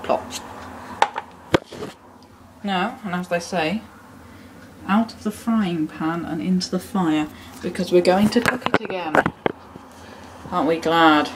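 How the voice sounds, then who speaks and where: A woman hosting a casual cooking demonstration in a home kitchen, chatting along with joking, self-mocking asides. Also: fairly low pitch. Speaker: cooking video host. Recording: noisy kitchen with clattering pans. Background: cutlery, pots and kitchen ambience.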